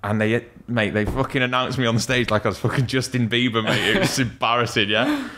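A man's voice: medium pitch, brisk, slight background noise. A man telling stories in casual podcast chat, swearing often and mimicking other people. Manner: animated, swearing, acts out other voices in anecdotes. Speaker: podcast guest, tattoo artist.

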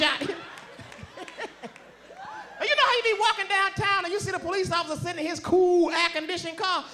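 High-voiced brash male stand-up comic. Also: slight background noise. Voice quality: unusually high, thin voice. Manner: brash, loud, profane banter with the crowd. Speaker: stand-up comedian. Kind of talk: live stand-up comedy. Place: comedy club stage before a live audience.

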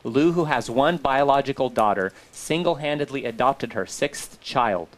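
A man's voice: medium pitch, moderate pace. Earnest male talk-show co-host. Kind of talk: casual talk-show chat.

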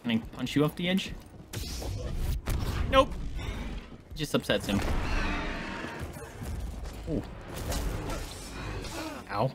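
A man streaming a video game, chatting casually and joking at the screen, often swearing when he gets excited. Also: mid-range voice, very slow, long pauses, noisy background. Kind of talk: casual gameplay commentary.

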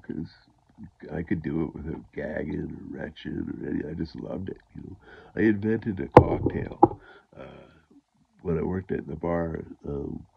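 A man vlogging his recovery story in a halting, rambling way, full of fillers and restarts, and a bit stuffed up. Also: rumbling low, vocal fry, breathy edge. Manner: chuckles to himself. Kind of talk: casual rambling monologue. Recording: dull lo-fi recording.

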